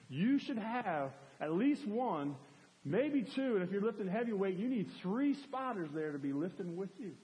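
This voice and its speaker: High-voiced preacher in a reverberant hall. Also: male voice. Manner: animated, acts out straining cries for help. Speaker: pastor. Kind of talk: sermon.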